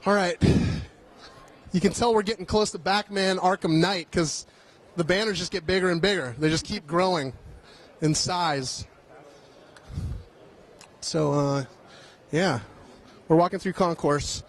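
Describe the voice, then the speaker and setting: A man with a fairly high voice walks a loud convention hall while hosting a live stream. He jokes, swears casually and rambles loosely, sounding a little winded. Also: unhurried, long pauses. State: tired, a bit out of breath. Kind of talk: casual walk-and-talk chat.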